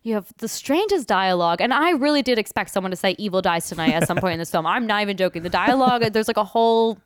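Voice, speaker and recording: Young female podcast co-host, casual and blunt, sarcastic takedowns, smooth voice, dry recording. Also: mid-range voice, animated, fast talker, no room sound. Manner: blunt, sarcastic movie reviewing, laughs often. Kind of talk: casual chat.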